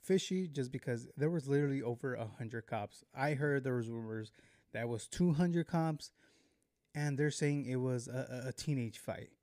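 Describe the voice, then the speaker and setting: Slangy man ranting to camera, dark dry tone. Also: medium pitch, normal speed, no echo. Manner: animated, slangy, swears, chuckles often, calls viewers "bro". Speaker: vlog host. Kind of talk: casual vlog commentary.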